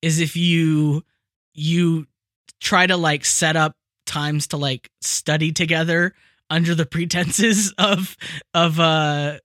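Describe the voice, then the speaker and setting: A man's voice: fairly high pitch, takes it slowly, dry recording, clean studio sound. A young man co-hosting a podcast, rambling through his opinions with jokes. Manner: animated, rambling, joking. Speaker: podcast co-host. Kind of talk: casual chat.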